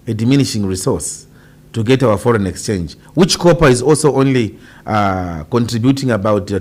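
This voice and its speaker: A Zambian man, a politician, answering radio interview questions in an impassioned, emphatic way with rhetorical questions. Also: mid-range voice. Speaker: politician guest.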